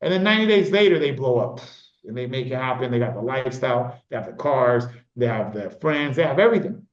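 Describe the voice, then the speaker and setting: A man's voice: mid-range voice, animated, fast. Emphatic man, echoey lo-fi sound. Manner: emphatic, repetitive, keeps saying "man". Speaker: business mentor guest. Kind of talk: casual interview talk.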